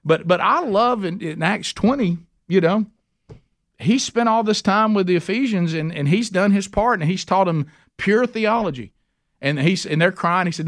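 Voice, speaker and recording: A man's voice: high-pitched, lively intonation, moderate pace, no room sound, clean studio sound. A man teaching a men's Bible study in an earnest, emphatic, folksy conversational sermon style.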